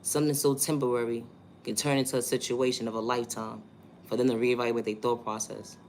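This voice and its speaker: A man's voice: mid-range voice, flat delivery, fairly quick, a little hiss or hum. Emphatic New York man ranting. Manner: emphatic, repetitive, rhetorical questions. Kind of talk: monologue vlog.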